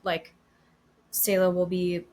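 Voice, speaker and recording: A woman's voice: fairly low pitch, monotone, takes it slowly, darkish tone, slight background noise. A woman co-hosting a casual talk who listens closely and affirms often before sharing her own stories. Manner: attentive listener, frequent short affirmations. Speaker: podcast co-host. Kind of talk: casual conversational chat.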